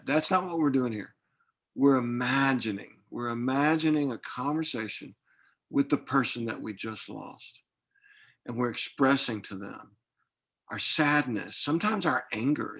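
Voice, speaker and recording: A man's voice: medium pitch, a bit bright. A man speaking as a grief counselor in an online workshop, reflective and hesitant, with frequent fillers and restarts, heard over a video call.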